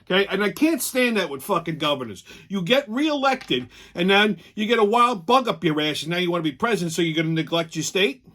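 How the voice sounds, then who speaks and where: A man's voice: high voice, lively intonation, brisk, hardly any pauses, fairly bright tone. A man hosting his own show, giving a heated, sarcastic political rant full of swearing. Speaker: show host.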